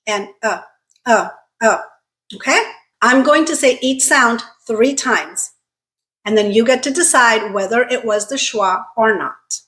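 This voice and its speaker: A woman teaching an English pronunciation lesson, modeling sounds slowly and deliberately, repeating each one three times and checking in with "okay?". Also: fairly high pitch, bright, forceful tone.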